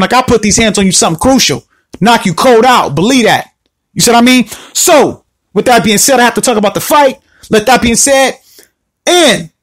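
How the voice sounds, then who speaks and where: High-voiced man ranting on a podcast. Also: no echo. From Southern California. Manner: animated, repetitive, confrontational. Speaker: podcast host. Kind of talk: solo podcast rant.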